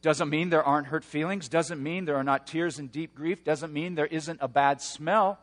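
Dynamic male preacher, fairly high voice. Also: normal speed, long reverb tail. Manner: dynamic preaching, swings from hushed to shouting. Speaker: pastor. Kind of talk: sermon.

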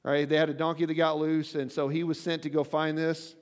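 High-voiced male pastor in a reverberant hall. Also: little pitch movement, fairly quick, clean tone. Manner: conversational, often checks in with "right?"; reads scripture aloud with wry asides. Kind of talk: sermon.

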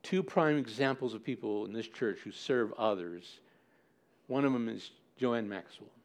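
A man's voice: mid-range voice, expressive, normal speed. A man preaching a sermon as pastor, acting out listeners' objections with mock indignation and repeating key words to drive his points home.

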